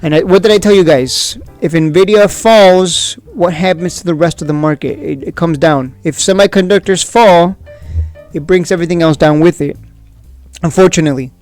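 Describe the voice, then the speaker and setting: A man hosting a stock trading video, talking casually and excitably, whooping and throwing out rhetorical questions. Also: fairly high pitch, normal speed, faint music behind. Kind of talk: casual market commentary.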